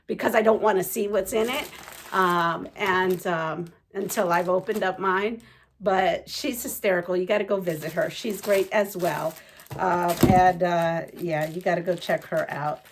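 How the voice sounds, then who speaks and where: A woman chatting casually as a quilting vlogger, gushing and excitable, rambling with lots of fillers. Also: on the low side, unhurried, slight background noise. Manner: gushing and excitable, gasps and giggles. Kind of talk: casual unboxing chat.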